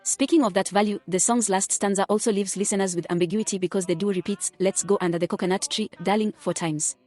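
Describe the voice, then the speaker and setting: A woman reads an academic paper aloud at a quick clip, steady and formal. Her pitch sits in an ordinary middle range. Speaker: student presenter. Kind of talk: reading an academic presentation.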